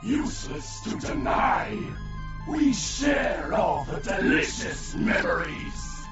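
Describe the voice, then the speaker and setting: A man's voice: high voice, sing-song, slow pace, creaky, exaggerated voice. An actor voicing a monstrous, menacing male alien symbiote in a video game cutscene, hissing and growling, with the words drawn out. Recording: echoey, distant, dull sound with loud music.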